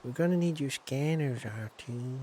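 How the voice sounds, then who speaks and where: An earnest, whiny young space-farm hero, pleading and eager, as a Yorkshire man puts him on. The voice sits at about a normal middle pitch, with a slight distance from the mic. Faint room hum lingers underneath. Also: moderate pace, dark tone, natural voice.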